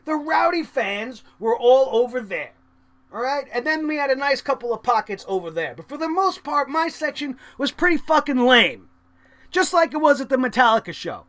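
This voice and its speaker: A man's voice: extremely high pitch, a bit bright. A man reviewing a wrestling show in a profane vlog rant, swearing constantly and getting angry.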